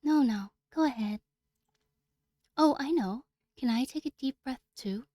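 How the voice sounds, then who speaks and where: A woman voicing a gentle, teasing young female senpai in a game, soft-spoken and playful. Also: high-pitched, a little slow, no echo, pitched above the performer's own voice. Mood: calm teasing.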